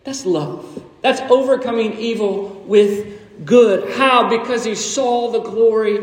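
A man preaching a Sunday sermon in a church, animated and emphatic, sometimes rising to near shouts and joking with the congregation. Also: high voice, slow pace. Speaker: pastor. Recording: echoey hall, distant from the mic.

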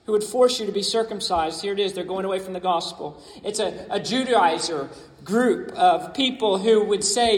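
Male pastor, sermon, emphatic, repetitive, high-pitched, long church reverb. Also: moderate pace. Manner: emphatic, repeats key phrases. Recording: echoey hall.

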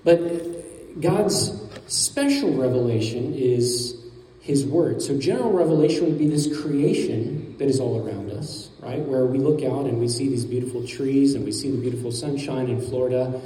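Male pastor, conversational sermon, dark mellow tone, distant mic in a roomy church. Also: medium pitch, normal speed. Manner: conversational storytelling, relaxed with fillers. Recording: distant mic in a reverberant hall.

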